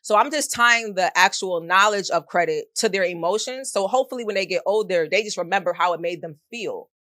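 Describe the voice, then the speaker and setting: A woman in her thirties, a middle school math teacher, telling stories in an animated, slangy way during a casual interview. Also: medium pitch, a little fast, dry recording. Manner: animated storyteller, slangy and expressive.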